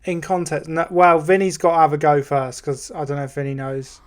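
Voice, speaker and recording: A man's voice: a little high, a little fast. A man co-hosting a comedy podcast, chatty as he explains the rules of an impressions game. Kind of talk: casual comedic chat.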